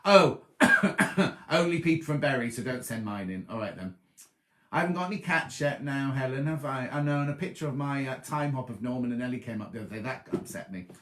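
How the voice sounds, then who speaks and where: A man's voice: mid-range voice, lively intonation, brisk, fairly bright tone, roomy sound. A man hosting a casual sewing live stream from his bedroom, rambling chattily and answering viewers by name, a little throaty. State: slightly throaty. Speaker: sewing show host. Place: bedroom at home.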